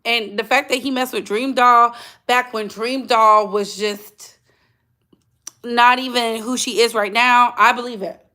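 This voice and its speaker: A woman's voice: fairly high pitch, fairly even intonation, unhurried, bright, forceful tone. A woman hosting a livestreamed gossip channel in blunt, chatty casual commentary, talking straight to her chat.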